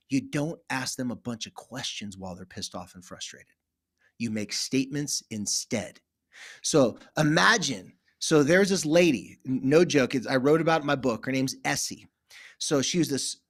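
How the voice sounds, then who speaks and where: A man from California, a therapist guest, telling stories animatedly in a podcast interview and acting out the voices in them. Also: on the high side. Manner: acts out voices in anecdotes, emphatic.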